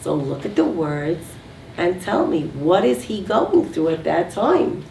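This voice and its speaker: A woman's voice: lowish voice, sing-song, a little slow, creaky, darkish tone. A woman running a communication workshop, coaching a live audience and asking them to call out answers. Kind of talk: teaching to a group. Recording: echoey room from far off, faint background noise.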